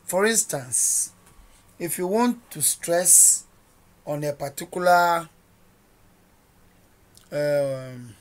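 Slow, unhurried coding teacher walking through the editor step by step, keeps asking "what?" to quiz you. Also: medium pitch, animated. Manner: quizzes listeners with rhetorical "what?" questions; narrates each editing step as they go. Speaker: coding instructor. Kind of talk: screen-recorded coding tutorial.

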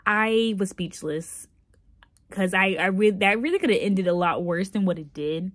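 A young woman telling a funny travel story to her phone camera, animated and full of fillers. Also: mid-range voice, moderate pace, no room sound, clean studio sound. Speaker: vlogger.

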